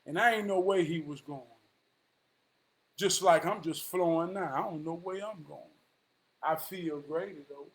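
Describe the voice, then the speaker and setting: A man's voice: on the high side, unhurried, long pauses, fairly bright tone. A man rambling through a motivational monologue, drawling and calling the listener "man" again and again. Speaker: vlogger.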